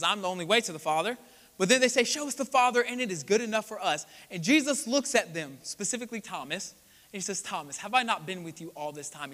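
A young man preaches to his congregation, his high, bright voice carrying through a church sanctuary with long reverb. He talks in a loose, conversational way, acts out the voices he quotes and keeps turning to the people with asides. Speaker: pastor. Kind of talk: sermon.

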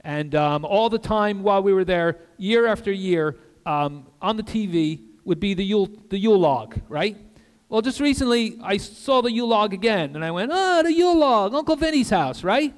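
An older man preaching an earnest sermon as a guest pastor in a church, with conversational asides and soft drops for emphasis. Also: sits high, normal speed, smooth. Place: church sanctuary. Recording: long reverb of a church hall.

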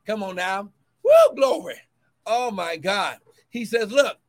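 A man preaches a livestreamed sermon as both pastor and prophet, alternating between shouted cries of glory and quick, low asides to his viewers.

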